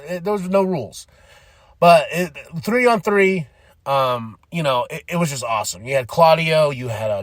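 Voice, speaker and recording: A man's voice: on the high side, a bit bright, no room sound, studio quality. A man hosting a podcast, giving rambling, enthusiastic fan commentary and often laughing. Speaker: podcast host. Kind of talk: casual commentary.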